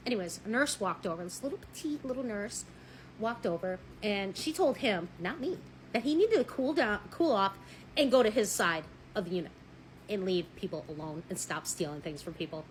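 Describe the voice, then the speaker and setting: A woman telling a personal story in a blunt, animated way, swearing freely and acting out what people said. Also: mid-range voice, a little fast, a little hiss or hum, rough recording. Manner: married. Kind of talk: casual storytelling.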